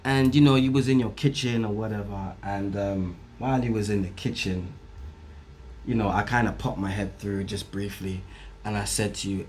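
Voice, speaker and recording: A young man telling a crude story to camera, loud and animated, acting out both sides of an argument. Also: mid-range voice, normal speed, slight background noise.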